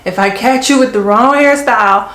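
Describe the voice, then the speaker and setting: A woman's voice: on the high side, moderate pace, a bit bright. A middle-aged woman who is an Army senior NCO, telling stories in a casual, firm way while doing her makeup. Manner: firm, storytelling, chatty. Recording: echoey room.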